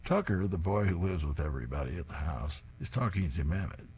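A man's voice: sits low, lively intonation, a little fast, darkish tone, husky. A man reading comic strips aloud, describing each panel in a plain, descriptive way. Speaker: reader.

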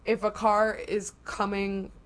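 Woman, podcast co-host, casual chat, mid pitch, detailed explainer, lots of filler words. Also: monotone, takes it slowly.

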